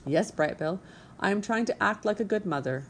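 A woman voicing a polite female robot mother who speaks in flat, formal sentences without contractions. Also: mid-range voice, moderate pace, a little hiss or hum, voice pushed up, close to an everyday voice. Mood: calm, polite.

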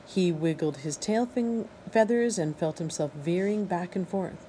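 A woman reading a children's novel aloud in a steady, expressive narration. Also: lowish voice, measured pace, hardly any pauses, a little hiss or hum, low-quality recording. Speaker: audiobook reader. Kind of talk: storybook read-aloud narration.

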